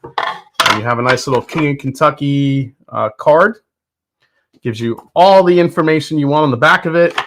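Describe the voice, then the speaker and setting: A man's voice: on the high side, normal speed, noisy background. A man hosting a casual livestream, chatting enthusiastically, reading viewer comments and thinking aloud. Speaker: host of a whiskey tasting livestream.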